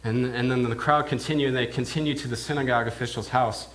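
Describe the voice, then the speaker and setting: A man, a minister, telling a sermon in character as a first-person eyewitness, halting and repeating words as he goes. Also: medium pitch, fairly even intonation. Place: church.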